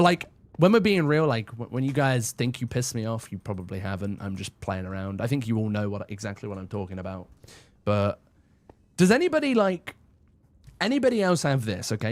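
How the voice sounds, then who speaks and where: A young man chatting casually on a livestream in a rambling, chatty, self-deprecating way. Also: mid-range voice.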